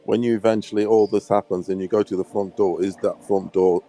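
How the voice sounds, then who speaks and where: A man's voice: lowish voice, level tone, a little fast, dark tone. A man hosting a casual chat, skeptical and cutting in to argue his point.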